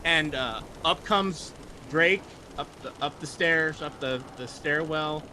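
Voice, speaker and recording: Unhurried man running a tabletop game. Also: a little high, slight background noise. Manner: relaxed, full of fillers and restarts. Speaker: game master.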